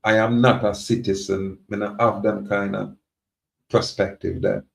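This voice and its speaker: A man with a Jamaican accent, styling himself a sovereign, delivers a defiant, preachy, rambling monologue to his viewers. His gravelly voice sits on the low side, with a level tone and a slightly slow pace. The recording is roomy, dull and lo-fi.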